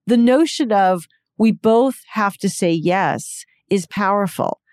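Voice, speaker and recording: A woman's voice: medium pitch, darkish tone, no echo, studio quality. A woman guest, an investor, explaining her thinking at length in a reflective way. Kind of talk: conversational interview.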